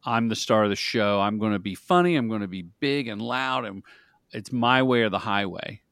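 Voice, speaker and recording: A middle-aged man, a filmmaker guest on a podcast, telling stories in an energetic, animated way. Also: fairly low pitch, moderate pace, clean tone, no echo, clean studio sound. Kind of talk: casual interview storytelling.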